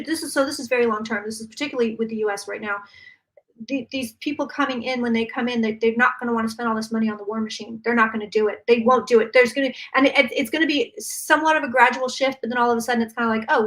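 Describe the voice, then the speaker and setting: A woman psychic channeling predictions live, talking fast and emphatically with many restarts. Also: fairly high pitch, fairly even intonation, a bit bright.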